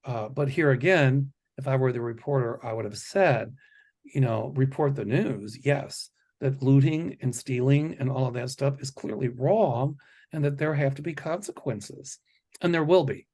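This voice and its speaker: A man hosting a psychic chat show, talking casually and stressing his points in slow, deliberate lists. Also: medium pitch, a little mellow. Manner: deliberate, emphatic listing of words. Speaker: psychic host.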